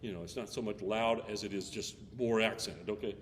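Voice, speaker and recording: A man's voice: fairly low pitch, fairly even intonation, a little fast. A man directing a choir rehearsal, counting in, singing example phrases and cracking jokes. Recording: echoey hall with long reverb.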